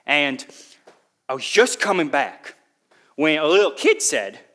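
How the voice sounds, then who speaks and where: Heavily acted and sing-song, at a measured pace, a man on stage plays a poor young drifter describing his hard times. The speech is earnest and folksy with rustic grammar, delivered in a fairly high, bright voice with plain, sincere stage presence.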